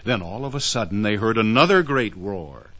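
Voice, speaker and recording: A man narrating a children's storybook in a gentle, expressive reading with asides to the listener. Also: lowish voice, normal speed. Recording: dull lo-fi record.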